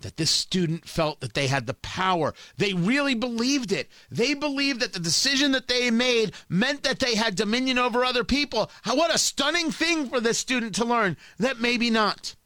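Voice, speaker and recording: A man with a high, bright voice delivers an emphatic talk-show monologue, his pitch swinging widely as he stresses points. He often stumbles and repeats words before pressing on. The sound is dry and close, with no room around it. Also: expressive, normal speed, hardly any pauses, dry recording. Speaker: radio talk host. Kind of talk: opinionated monologue.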